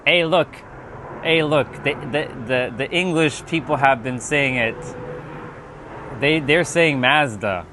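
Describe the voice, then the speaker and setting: A man's voice: mid-range voice, slow, pushed and bright, a little hiss or hum. A man hosting a casual livestream, chatting loosely with viewers, joking and swearing as he reads the chat aloud. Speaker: livestream host.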